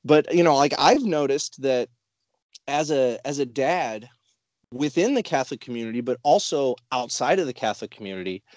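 Medium in pitch and moderate in pace, this male co-host is heard on a dry recording. He tells stories on a casual podcast with animation, acting out what others said.

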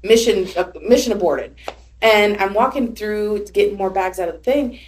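A woman in her thirties chats as a podcast guest in a casual, animated way. She tells family stories with lots of swings in her voice. Her pitch sits in the middle for a woman. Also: normal speed, a little hiss or hum. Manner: animated storyteller, voices her child's lines. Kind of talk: casual chat.

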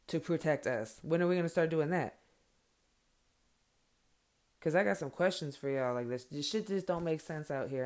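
A middle-aged woman, a mother, ranting in a casual and angry way, swearing often and breaking into loud bursts. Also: sits low. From Mexican heritage, raised in America. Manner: profane, heated, confrontational, with sudden loud bursts. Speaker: parent speaking her mind.

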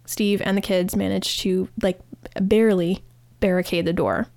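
A woman's voice: medium pitch, moderate pace, gravelly, dry recording. Chatty woman recapping, dry close sound. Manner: chatty, animated retelling with restarts. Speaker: podcast host. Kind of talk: casual episode recap.

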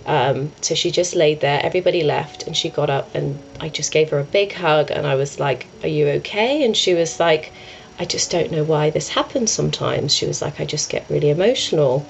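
A woman's voice: sits low, fairly quick, creaky, a little hiss or hum, low-quality recording. A young adult woman, a yoga and meditation teacher, talking earnestly and rambling with many restarts as she tells a story. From England. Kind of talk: conversational storytelling.

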